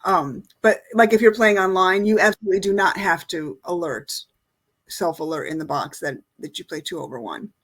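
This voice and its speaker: A woman's voice: fairly low pitch, normal speed, fairly bright tone, breathy edge. Woman teaching in a casual, chatty way. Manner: casual explaining, many fillers. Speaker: bridge teacher. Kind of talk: online lesson.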